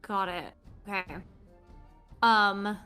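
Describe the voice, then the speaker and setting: Slow, hesitant woman player. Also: medium pitch, steady tone, sharp tone, smooth, faint music behind. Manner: hesitant, unhurried. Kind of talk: casual tabletop play.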